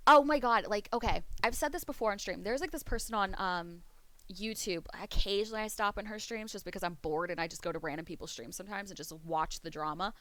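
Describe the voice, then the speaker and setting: A woman from Pennsylvania streaming, chatting casually with viewers in a rambling way, swearing freely and a bit hoarse from losing her voice. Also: medium pitch, a little fast, a bit bright, no echo.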